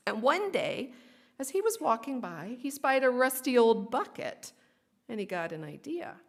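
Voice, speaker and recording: A woman minister telling a story for all ages during a worship service, expressive and gently inviting. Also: on the high side, measured pace.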